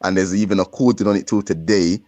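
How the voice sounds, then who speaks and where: A man's voice: deep voice, fairly even intonation, quick pace, darkish tone, no room sound. A young man with a London accent, talking casually in streetwise slang and rambling through his points. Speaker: podcast co-host. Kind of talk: casual chat.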